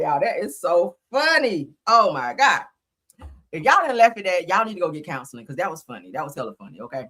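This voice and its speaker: A woman's voice: on the low side, big pitch swings, a little fast, husky. Laughing, profane woman gossip host. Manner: loud, laughing, profane, talks straight to viewers. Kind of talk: casual gossip commentary.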